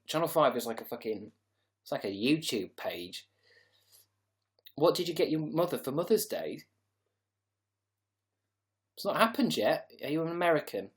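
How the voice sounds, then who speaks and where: A tired man hosting a casual livestream, rambling sarcastically and reading out viewer comments. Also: mid-range voice. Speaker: livestream host.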